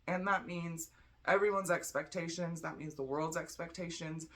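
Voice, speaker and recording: A woman's voice: on the low side, fairly even intonation, moderate pace. A tired young woman giving a casual tarot reading, chatty and blunt, swearing freely. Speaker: tarot reader.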